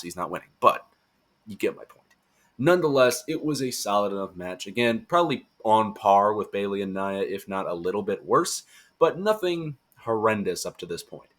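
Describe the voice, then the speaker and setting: A tired young man with a fairly low, slightly bright voice reviews wrestling casually and jokingly. He's chatty and acts out quotes in silly, funny voices.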